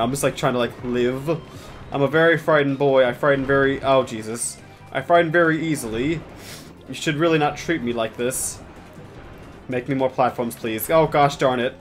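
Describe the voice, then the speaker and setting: A young man narrating his own gameplay in a loose, chatty stream, sarcastic and quick to swear. He slips into mock-dramatic asides, and faint music plays behind him. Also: medium pitch. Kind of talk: casual gameplay commentary.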